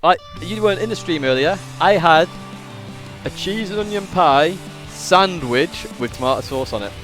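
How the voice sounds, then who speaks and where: A man's voice: on the high side, expressive, moderate pace, a bit bright, soft background music. Chatty gaming streamer man. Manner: chatty, jokey, rambling with many fillers. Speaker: game streamer. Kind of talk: casual live-stream commentary.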